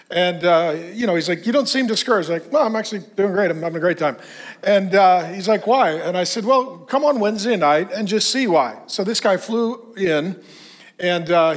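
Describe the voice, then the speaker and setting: A middle-aged man preaching to a men's group at church, loud and animated, telling stories with jokes. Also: high-pitched. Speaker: pastor. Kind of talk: energetic men's group sermon. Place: church hall before a live audience.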